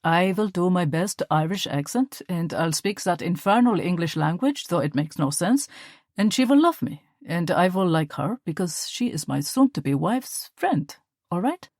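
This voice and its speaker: Woman reader as young German suitor, charming but possessive, smooth with a sharp edge, lowish voice, dry booth sound. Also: lively intonation, moderate pace, no echo.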